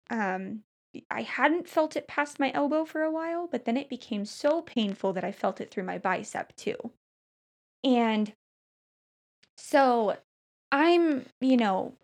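A woman with a fairly high voice tells a long story in a relaxed chat, stopping and restarting often and padding with fillers. Her delivery is lively and personal, as if talking with a friend across the table. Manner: animated storytelling, frequent fillers and restarts, quick laughs. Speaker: storyteller recounting a hospital stay. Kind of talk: casual chat.

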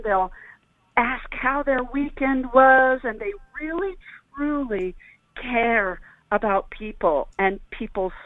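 A woman calling in as a guest, explaining things in a deliberate, unhurried way. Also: a little high, a little hiss or hum. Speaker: guest on a call-in show. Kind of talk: explaining on a phone-in. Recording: dry tinny phone line.

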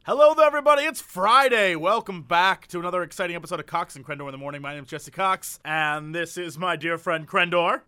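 A man's voice: on the high side, fairly even intonation, brisk, hardly any pauses, bright, forceful tone. A man co-hosting a comedy podcast, bantering in a playful, teasing, sarcastic way. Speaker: co-host.

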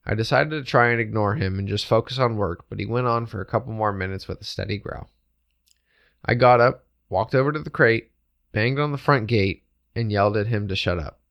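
A man reading a ghost story aloud in a steady, matter-of-fact way, chatting with a co-host between passages. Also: on the low side, fairly quick, creaky.

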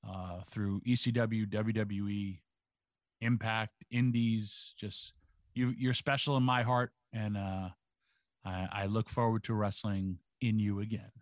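A man's voice: lowish voice, flat delivery, measured pace, no room sound. A man, a wrestler co-hosting a podcast, talking casually and rambling with lots of filler words. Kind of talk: casual chat.

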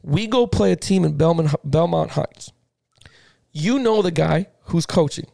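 A man co-hosting a casual sports podcast, an animated, profane storyteller who keeps saying "listen to me". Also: on the high side, unhurried, creaky, no room sound, studio quality. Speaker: podcast co-host.

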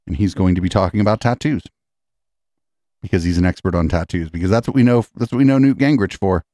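Man, podcast host, low voice, sarcastic, swears a lot, dry close sound. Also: fast, mellow, no room sound. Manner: mocking, profane, incredulous. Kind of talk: sarcastic political commentary on clips.

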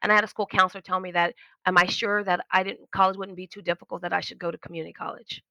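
Bright-voiced woman telling animated stories. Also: fairly low pitch, quick pace, vocal fry, no echo, poor audio. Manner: animated storytelling, acts out quoted voices, laughs often. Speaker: guest, educator and linguist. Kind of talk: casual podcast conversation.

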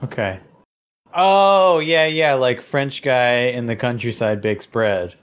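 A man's voice: medium pitch, slow. A man in casual podcast chat, teasing the host in a dry way.

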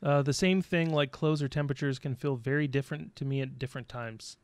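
A man speaks casually at a middle pitch, sometimes hesitant and sometimes teasing. He drops short, dry jokes between his answers. The recording is close and dry. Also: fairly even intonation, fairly quick, clean tone, dry recording. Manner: teasing, dry one-liners. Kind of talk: casual chat, answering a questionnaire together.

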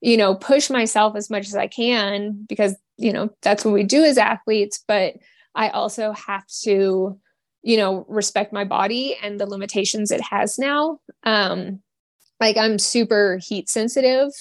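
A young woman, a cyclist, talking as a guest in a casual podcast chat, halting with many fillers and restarts. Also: medium pitch, fairly even intonation, no echo.

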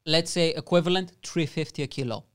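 A man in his thirties from Bulgaria with a Bulgarian accent, a podcast guest telling animated stories in casual chat. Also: a little high, brisk, smooth. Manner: animated storyteller, acts out scenes. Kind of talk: casual storytelling.

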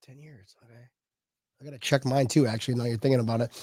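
A man's voice: mid-range voice, fairly even intonation, fast, a little mellow, no room sound, clean studio sound. A man co-hosting a casual sports chat show, joking and laughing often as he reads viewer comments. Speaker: podcast co-host.

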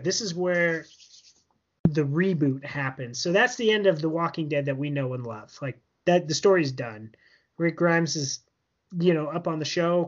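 A man co-hosting a podcast, casually recapping a TV episode in a rambling way full of fillers. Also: on the high side. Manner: rambling, filler-heavy storytelling with laughs. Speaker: podcast co-host. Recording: dull lo-fi podcast audio.

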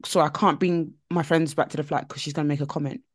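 Woman co-hosting a chatty podcast, lowish voice, tells stories with lots of emphatic repeating, dry close sound. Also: fast, no echo. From Nigeria. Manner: animated storytelling, emphatic repetition. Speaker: podcast co-host. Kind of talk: casual chat.

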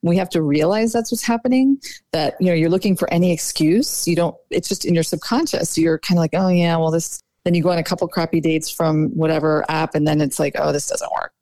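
A woman dating coach talking casually in a podcast interview, chatty and quick to say "like" and "you know.". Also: deep voice, warm tone, no echo.

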